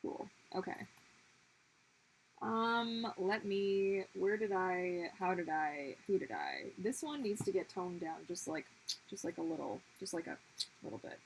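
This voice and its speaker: Chatting casually as she draws, a young woman hosts a livestream, rambling and breaking off with sudden exclamations. Her medium-pitched voice moves at a measured pace. The audio is poor, with slight background noise.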